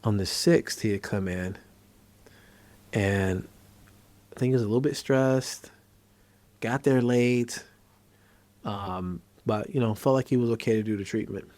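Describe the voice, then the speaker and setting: Low-voiced man explaining casually. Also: measured pace, pauses often. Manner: conversational, storytelling, animated when acting out scenes. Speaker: psychiatrist host. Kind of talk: casual educational talk.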